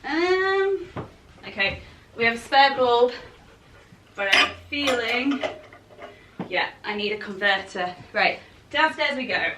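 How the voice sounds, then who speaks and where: A woman's voice: on the high side, unhurried, long pauses, noisy background. Chatty woman vlogging at home. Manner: chatty and enthusiastic, laughs often. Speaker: lifestyle vlogger. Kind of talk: casual chat to camera. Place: at home, indoors.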